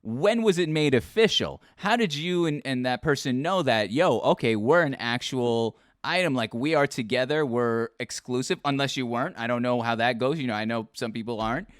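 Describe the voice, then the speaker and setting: A man hosting a casual interview podcast, asking questions in lively bursts with frequent restarts. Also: medium pitch, moderate pace, hardly any pauses, dry recording, clean studio sound. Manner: animated, talks in bursts with restarts and laughs. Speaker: podcast host.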